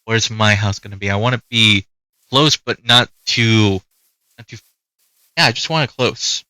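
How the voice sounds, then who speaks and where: A man's voice: fairly low pitch, unhurried, bright, forceful tone, clear, resonant tone, dry recording. A man giving casual gameplay commentary, chatting away and talking to the animals in his game. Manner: chatty, talks to the game's animals. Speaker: gaming youtuber.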